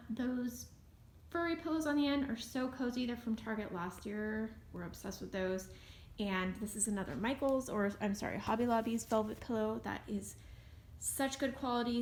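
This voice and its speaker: A woman's voice: a little high, roomy sound, a little hiss or hum. A young woman vlogger chatting through a home tour, gushing over her decor with lots of fillers. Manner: bubbly and gushing, with frequent "so cute" and fillers. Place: at home, walking through living room.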